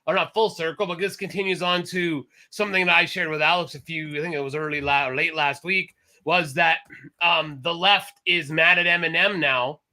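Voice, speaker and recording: A man's voice: on the high side, moderate pace. A man co-hosting a casual talk show, rambling and correcting himself as he goes. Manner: rambling, self-correcting, animated. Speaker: podcast co-host. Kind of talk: casual chat.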